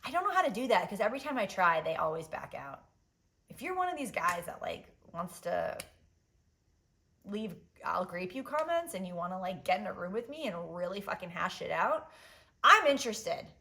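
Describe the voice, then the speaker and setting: A woman in her thirties hosting a solo podcast in casual chat, animated and blunt, swinging between loud outbursts and quiet asides, with lots of "like" and "um". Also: mid-range voice, moderate pace. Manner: swears freely, fillers like "like" and "um". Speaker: podcast host.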